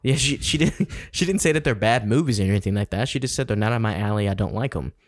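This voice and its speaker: A man's voice: on the low side, lively intonation, fast talker, no echo, studio quality. A man co-hosting a podcast in casual chat, rambling, cursing and laughing often. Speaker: podcast co-host.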